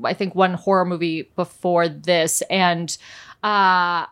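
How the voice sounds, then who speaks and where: A woman guest on a podcast, an actress telling stories in a chatty, animated way. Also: lowish voice, slow pace, smooth. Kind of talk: casual podcast chat.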